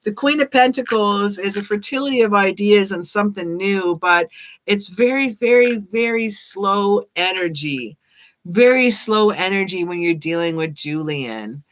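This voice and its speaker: A woman's voice: medium pitch, expressive, unhurried, low-quality recording. Chatty woman reading tarot live. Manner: chatty, repetitive, laughs often. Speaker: tarot reader.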